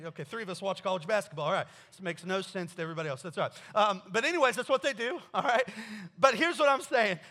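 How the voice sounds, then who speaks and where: Animated male preacher, slightly high voice, jokes and stories from the pulpit. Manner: animated, joking asides, storytelling. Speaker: pastor. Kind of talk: sermon.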